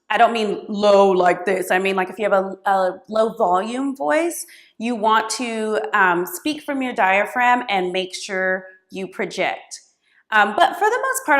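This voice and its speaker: Expressive woman giving career advice. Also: medium pitch. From United States. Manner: expressive, gestures a lot while talking. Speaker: career coach. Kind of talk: direct-to-camera advice.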